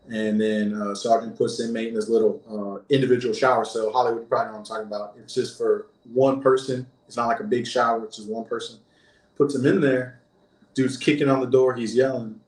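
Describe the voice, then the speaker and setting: A man's voice: mid-range voice, darkish tone, reverberant. A man, a former prison guard, telling a story in a loose, rambling way as an interview guest, with many restarts and fillers. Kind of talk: casual first-person storytelling.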